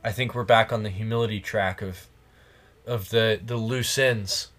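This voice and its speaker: Here the podcast host's voice sits lowish and fairly bright, with fairly even intonation and a moderate pace. He's in casual conversation with a friend, rambling and jokey, and laughs a lot.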